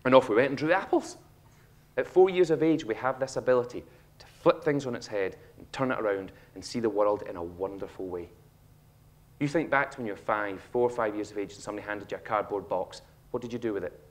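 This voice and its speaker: A man in his thirties with a Scottish accent, giving a humorous motivational talk on stage and acting out a child's lines with animated storytelling. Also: on the low side, fast talker. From Scotland. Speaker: speaker. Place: auditorium stage.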